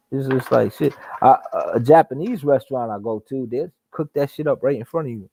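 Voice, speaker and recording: Gravelly-voiced man ranting on a stream. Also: mid-range voice, a little fast, hardly any pauses, mellow, no echo, rough recording. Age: adult. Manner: profane, laughing storyteller. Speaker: live stream host. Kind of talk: casual live chat.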